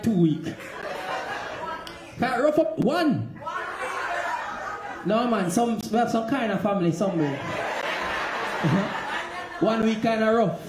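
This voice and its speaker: A young Jamaican man with a very high voice tells comic stories, laughing through his lines in patois phrasing. He is recorded in an echoey room with steady background noise. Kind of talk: comic monologue.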